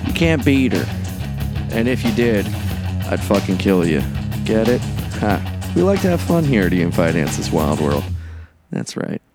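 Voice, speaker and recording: A man hosting his own podcast, a comedian talking in a brash, profane, excitable monologue. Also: on the low side, normal speed, pauses often, over loud music. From Delaware. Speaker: podcast host and stand-up comedian.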